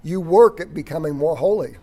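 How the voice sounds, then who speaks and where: A man teaching a Bible study lecture, reading passages aloud, stressing key words and often clearing his throat. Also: fairly high pitch, brisk, warm tone. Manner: emphatic on key words, occasional chuckle.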